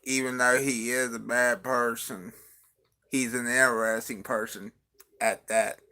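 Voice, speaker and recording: A man's voice: medium pitch, little pitch movement, a little slow, sharp tone, smooth. A man hosting a show, talking in a rambling, loose way and chuckling. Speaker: host. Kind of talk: casual commentary.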